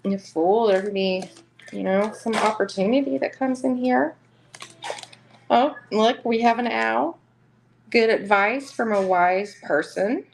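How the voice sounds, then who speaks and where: A woman's voice: on the high side, a little slow, gravelly, a little hiss or hum. A woman with a Southern US accent giving a chatty live-streamed tarot reading, laughing often between cards. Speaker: tarot reader.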